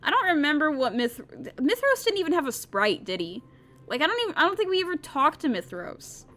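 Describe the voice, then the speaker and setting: Young streamer girl reacting to a game, stammers a lot, high and bouncy. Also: brisk. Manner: excitable, rambling, stammering.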